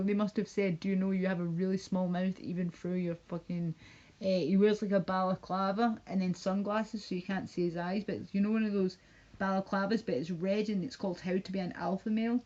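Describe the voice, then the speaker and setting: A woman's voice: medium pitch, fairly even intonation, fairly quick, warm tone. Woman livestreamer, rambling profane rant, mocking tone, lo-fi webcam audio.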